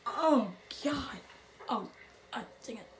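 A woman's voice: on the high side, expressive, slow pace, slight background noise. A woman hosting a scary-video reaction, jumpy and stammering, with gasping exclamations. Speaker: reaction channel host. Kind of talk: scared reaction commentary.

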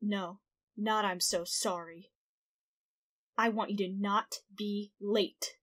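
A woman voicing a stern male senpai coworker who slowly lectures a late employee. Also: mid-range voice, steady tone, fairly bright tone. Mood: scolding. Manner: slow, reproachful, lecturing.

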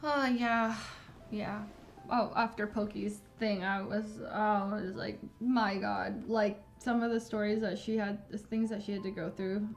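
A woman streamer chatting softly and haltingly on a livestream. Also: mid-range voice, fairly even intonation, faint music behind. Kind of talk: casual stream chat.

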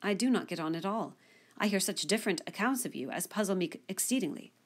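A woman reading the lines of a spirited, sharp-witted young woman who speaks pointedly and articulately in an audiobook. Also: medium pitch, animated, fast, natural voice.

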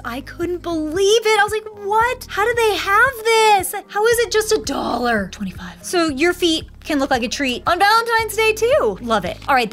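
A woman showing off a shopping haul, bubbly and gushing with excitement. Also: sits high. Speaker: haul vlogger. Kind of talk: product haul show-and-tell.

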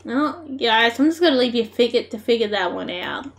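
A woman's voice: fairly high pitch, expressive, a little fast. A young Australian woman streaming a game, chatting casually, laughing often and talking to the characters on screen. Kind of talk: casual live-stream gameplay commentary.

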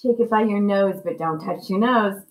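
A woman music teacher giving a lesson to young children, speaking slowly and patiently and chanting rhythm syllables. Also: mid-range voice, echoey room.

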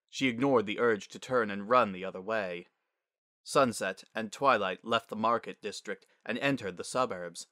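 A man narrating a story as a dramatic reading, measured and expressive. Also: lowish voice, no room sound, clean studio sound.

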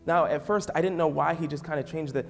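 A man's voice: on the high side, fast talker, creaky, faint music behind. A man with a Midwestern American accent, a youth pastor preaching a sermon and telling the story with acted-out voices.

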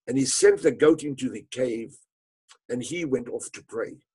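Man, husky voice, dramatic storytelling, emphatic phrasing, phrases trailing off quietly. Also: mid-range voice, normal speed, poor audio. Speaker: speaker telling a story to an audience. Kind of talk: storytelling lecture.

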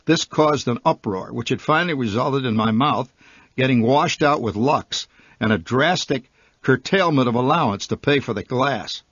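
A man's voice: mid-range voice, lively intonation, moderate pace, a bit bright, slightly rough, no room sound, highs cut off. A man reading his own humorous short story aloud, wry and vivid in his comic storytelling.

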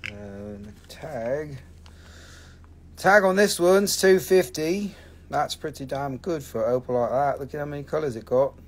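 A middle-aged man hosts a livestream sale from a family-owned rock and mineral shop, chatting casually in a profane, rambling way. His voice is on the high side and animated, at a measured pace, with a little hiss or hum in the audio.

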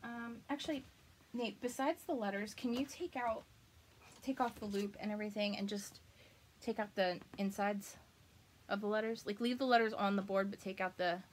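Animated chatty woman hosting a craft livestream. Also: medium pitch, moderate pace, slight background noise. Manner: chatty, animated, laughs often. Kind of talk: casual live craft chat.

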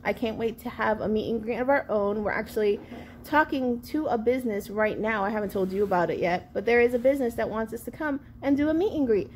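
Sassy mom-vlogger lady in her 30s, kinda high voice, faint room hum behind her. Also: fast talker. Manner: sassy, animated storytelling. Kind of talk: storytime vlog.

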